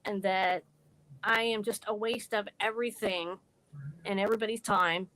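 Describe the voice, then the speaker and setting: Woman podcast guest, earnest halting storyteller, middle pitch. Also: steady tone, fairly bright tone, low-quality recording. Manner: halting, earnest, restarts often. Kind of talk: personal storytelling.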